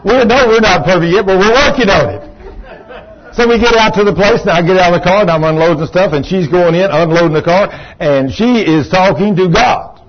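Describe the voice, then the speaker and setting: Husky older man preaching folksy. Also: sits high, brisk. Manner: folksy joking storytelling. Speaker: pastor. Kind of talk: sermon. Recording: dull lo-fi recording.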